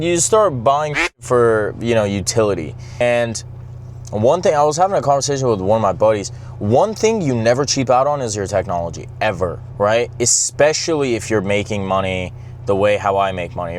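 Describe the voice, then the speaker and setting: A man's voice: on the low side, a little hiss or hum. A young man chatting casually in a car vlog, blunt and rambling, full of swearing and "bro". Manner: blunt, profane, rambling, says bro a lot. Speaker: vlogger. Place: in a car, driving.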